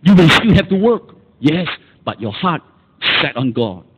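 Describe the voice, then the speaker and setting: A man's voice: fairly high pitch, big pitch swings, measured pace, heavy background noise. A man with a Malaysian English accent, preaching a sermon as pastor and calling the congregation for amens. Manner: emphatic, calls for amens and repetition.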